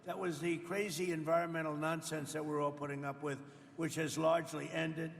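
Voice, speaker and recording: Older man in his seventies with a rather high voice and a gravelly edge, speaking off the cuff and rambling. His talk is boastful and repetitive, full of asides to the audience. The sound rings with the long reverb of a hall. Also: little pitch movement, brisk, a little hiss or hum. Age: 70s. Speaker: politician speaking at a roundtable. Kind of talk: off-the-cuff public speech. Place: event room with people around a table.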